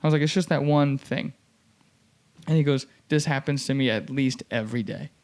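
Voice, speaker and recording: Here a young man with a medium-pitched voice talks a little fast while hosting a podcast. His casual storytelling is lively, full of "like" and other fillers, and he performs the voices of those he quotes.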